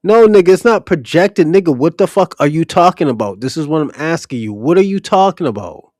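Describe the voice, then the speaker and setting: A man's voice: fairly high pitch, lively intonation, brisk, few pauses, darkish tone, no room sound, clean studio sound. A man hosting a livestream, talking bluntly and profanely straight to his chatters. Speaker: livestream host answering chat. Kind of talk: casual ranting commentary.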